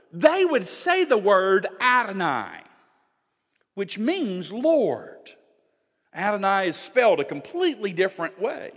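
A man's voice: very high voice, fairly bright tone. A man preaching a sermon with emphasis, often turning to the congregation with direct questions. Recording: long reverb of a large hall.

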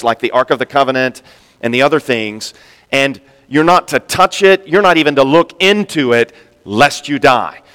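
Animated male preacher in a reverberant hall. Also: clear, resonant tone. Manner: animated, acts out quoted speakers with big pitch jumps. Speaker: pastor. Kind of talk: sermon. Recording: long reverb in a large hall.

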